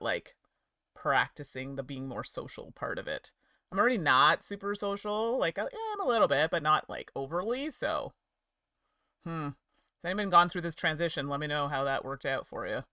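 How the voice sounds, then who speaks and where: Bright, chatty woman streamer. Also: low voice, dry recording, clean studio sound. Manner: chatty and giggly, rambling asides to chat. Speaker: streamer and game reviewer. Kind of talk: casual livestream chat. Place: home office.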